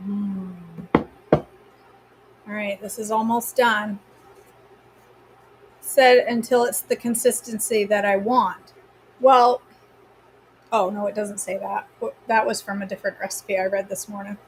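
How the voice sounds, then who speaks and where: A woman's voice: medium pitch, level tone, slow, pauses often, slight background noise. A woman with a Maine accent hosts a live cooking stream from her home kitchen. She chats casually and teasingly, answering viewers by name as she cooks.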